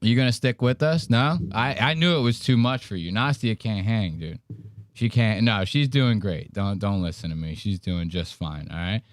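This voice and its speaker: A man's voice: lowish voice, moderate pace, no room sound. Guy hosting a podcast, cursing and joking around, dry close mic. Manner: profane, joking, acts out quotes. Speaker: podcast host. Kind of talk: casual reaction chat.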